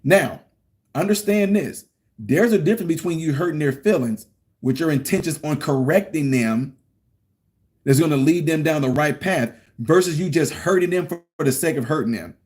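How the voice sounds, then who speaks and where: Middle-aged guy ranting on camera, kinda high voice, preachy and repeats himself a lot. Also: animated, normal speed, a little mellow. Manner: emphatic, preachy, repeats points. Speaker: political commentary vlogger. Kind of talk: casual commentary rant.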